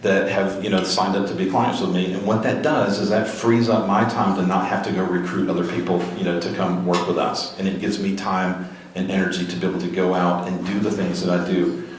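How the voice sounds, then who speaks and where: A man's voice: deep voice, little pitch movement, brisk. A man giving a motivational talk to a live audience, urging them on with repeated rallying questions. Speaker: speaker at a grassroots political gathering. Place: event room with a crowd. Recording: very echoey room, faint noise.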